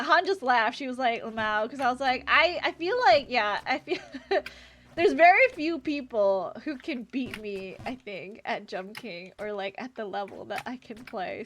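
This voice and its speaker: A woman's voice: on the high side, animated, unhurried, a bit bright. A woman streaming a game, chatting casually and giggly while reading chat aloud. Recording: audible background noise and keyboard clicks.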